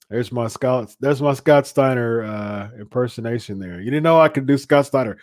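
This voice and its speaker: A man's voice: medium pitch, normal speed, few pauses, a little mellow, no room sound, clean studio sound. A man hosting a live podcast, chatting casually and chuckling, often repeating himself. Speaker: podcast host. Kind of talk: casual live-stream chat.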